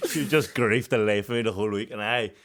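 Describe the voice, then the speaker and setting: His voice is on the low side and fast as this thirty-something Northern Irish co-host spins a story in a relaxed podcast chat. Profanity comes thick and fast, he's lively, and he laughs often along the way.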